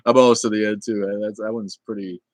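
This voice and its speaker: A middle-aged man with a lowish voice chats through a livestream, drifting from one thing to the next with plenty of ums and false starts. His tone is blunt and irreverent, and the sound is dry, close, with almost no room. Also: level tone, quick pace, no echo. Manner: rambling, chatty, with many fillers and restarts. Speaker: livestream host. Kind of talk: casual livestream chat reading viewer comments.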